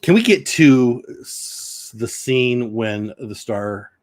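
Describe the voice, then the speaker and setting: A man's voice: medium pitch, animated, takes it slowly. A middle-aged man hosting a casual news chat, reading reports aloud and breaking in with his own asides. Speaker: show host.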